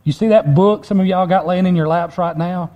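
A man's voice: high-pitched, fairly quick, dark tone, lo-fi sound. A man preaching a sermon to his congregation, conversational and full of rhetorical questions. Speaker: pastor.

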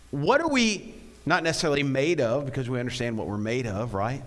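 A man preaching a sermon, telling jokes and stories with animated delivery and frequent rhetorical questions. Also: mid-range voice, fairly quick. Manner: rhetorical questions, repeated "right?".

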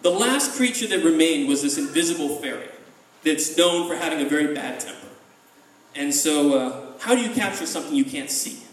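High-voiced male storyteller, echoey. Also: moderate pace. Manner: lively, conversational asides. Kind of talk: folk tale storytelling. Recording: echoey room, voice from a distance.

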